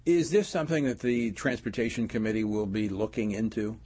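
A middle-aged man hosting a political talk show, brisk and agreeable with his guest. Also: lowish voice, fairly even intonation, darkish tone, breathy edge. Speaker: radio host.

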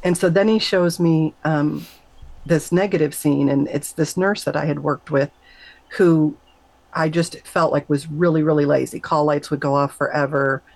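A middle-aged woman, a nurse, telling an emotional personal story in an interview, animated and emphatic, her voice leaping up whenever she quotes herself. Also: normal speed, creaky, no echo, poor audio. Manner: animated, emphatic, jumps high when quoting herself. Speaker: guest, nurse.

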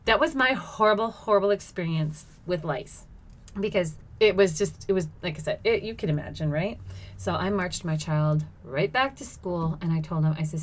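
A middle-aged woman telling a story in casual talk. Her voice is fairly low for a woman. She swoops up high when she exclaims, and she laughs often as she acts out what people said. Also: expressive, normal speed.

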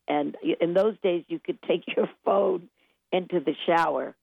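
An older woman with a fairly low voice tells lively showbiz stories, slipping into the voices of the people she quotes. She sounds thin and tinny, as if she is on a phone line, and the sound is dry and close. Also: normal speed, vocal fry, breathy edge, no echo. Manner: lively anecdotes, acts out quotes, laughs often. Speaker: guest songwriter. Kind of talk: animated storytelling interview.

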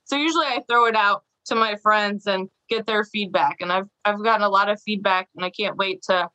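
Bright, bubbly woman podcast guest. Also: mid-range voice, fairly even intonation, brisk, poor audio. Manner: bubbly, laughs often, acts out quoted voices. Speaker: podcast guest, small business owner. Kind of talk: casual podcast interview.

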